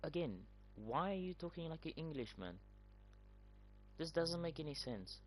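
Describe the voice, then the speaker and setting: A man's voice: a little high, sing-song, normal speed, slight background noise. A man streaming a game, reacting bluntly and mocking the characters, with frequent swearing. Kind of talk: gameplay commentary.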